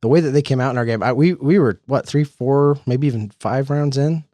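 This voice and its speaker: A man's voice: medium pitch, fairly quick, mellow, dry recording. A man co-hosting a casual board game podcast, rambling with restarts and frequent chuckles. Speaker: podcast co-host. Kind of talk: casual chat about board games.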